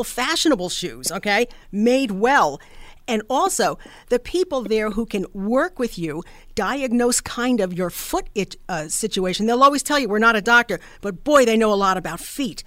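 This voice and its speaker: A woman's voice: on the high side, animated, normal speed, fairly bright tone, no room sound. Upbeat woman radio host, dry studio. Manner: enthusiastic, conversational. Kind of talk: chatty ad read.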